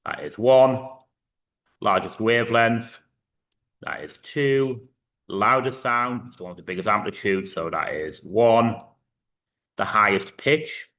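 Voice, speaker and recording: Low, bright-voiced male physics teacher. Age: 30s. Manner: explains step by step with frequent fillers. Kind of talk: recorded online lesson.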